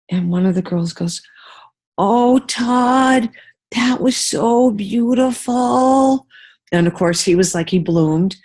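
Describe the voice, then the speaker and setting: An older woman with a mellow, lowish voice is a guest in an interview conversation. She tells personal stories and acts out the voices of the people she quotes.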